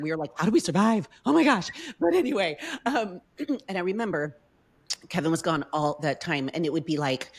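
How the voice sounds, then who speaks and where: A middle-aged woman as a podcast guest, telling a personal story in casual chat with heartfelt emotion. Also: low voice.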